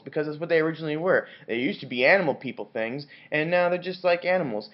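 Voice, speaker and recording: A man's voice: fairly high pitch, fast talker, hardly any pauses, lo-fi sound. A drunk man reviewing a classic novel, rambling and swearing, with many restarts and fillers. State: drunk on wine. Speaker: book reviewer. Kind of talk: rambling comic book review.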